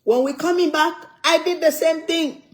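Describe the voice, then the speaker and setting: A woman's voice: very high voice, fairly even intonation, moderate pace, rough recording. An older woman from Africa, chatting casually and emphatically while she eats, repeating her points and laughing often. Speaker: cooking vlogger. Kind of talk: casual chat while eating.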